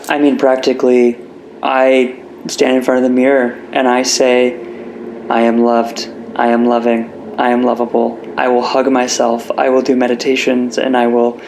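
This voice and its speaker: Earnest gravelly man sharing his story. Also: mid-range voice, a little mellow, slight background noise, poor audio. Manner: earnest and reflective, gets emotional. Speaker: guest. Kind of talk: candid personal interview.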